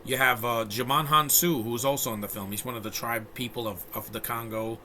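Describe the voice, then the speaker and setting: A man's voice: mid-range voice, fairly even intonation, a little fast, sharp tone, a little hiss or hum. A man giving a casual, opinionated film review, rambling with frequent restarts and blunt asides.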